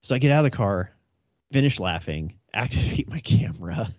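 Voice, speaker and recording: Low-voiced cop telling a profane story. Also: male voice, expressive, moderate pace, darkish tone, no room sound, muffled recording. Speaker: police officer. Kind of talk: casual storytelling chat.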